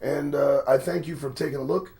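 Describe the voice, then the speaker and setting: A man with a fairly high voice reads the news on his own show and riffs on it. His commentary is profane and lively, sliding between low muttered asides and loud outbursts. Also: fairly quick. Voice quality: animated, profane, swings from muttering to shouting. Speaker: host.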